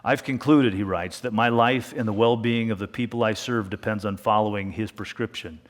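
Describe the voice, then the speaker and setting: A man preaching a sermon as pastor, talking in a conversational way and slowing down to a hush for emphasis. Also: fairly low pitch, fairly even intonation. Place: church sanctuary. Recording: long reverb of a church hall.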